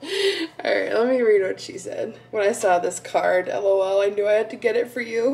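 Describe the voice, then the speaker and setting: A young woman vlogging casually at home, gushing and excitable, sometimes dropping to a soft voice. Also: medium pitch, moderate pace, creaky. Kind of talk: casual vlog chat. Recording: faint background noise.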